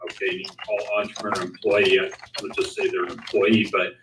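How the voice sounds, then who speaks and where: A man's voice: sits low, little pitch movement, a little fast, recorded from a distance, background noise. A man bluntly urging listeners to take responsibility in a casual discussion. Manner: blunt, exhorting, motivational. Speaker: co-host. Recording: roomy echo, from off-mic.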